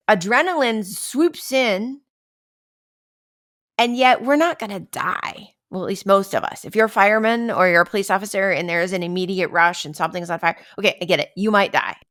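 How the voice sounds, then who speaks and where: A woman's voice: mid-range voice, moderate pace, fairly bright tone. A woman hosting a podcast in a casual, conversational way, acting out everyday stress scenes and often asking "right?". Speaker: podcast host. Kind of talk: casual wellness talk.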